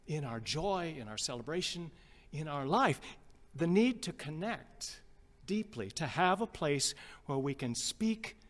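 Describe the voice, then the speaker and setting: A male pastor from the Upper Midwest, telling a story in a sermon in a gentle, halting way and repeating phrases. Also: a little high. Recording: long reverb with guitar music behind.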